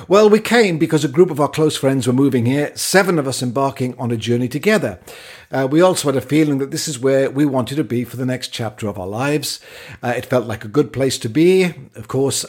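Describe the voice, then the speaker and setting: A middle-aged man recounts his own life in an even, measured manner. His voice sits at an ordinary middle pitch. He talks like a Christian sharing personal reflections. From Britain.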